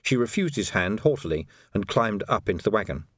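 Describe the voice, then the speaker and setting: Male audiobook narrator, expressive and measured, dry read. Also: lowish voice, no echo. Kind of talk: scripted narration.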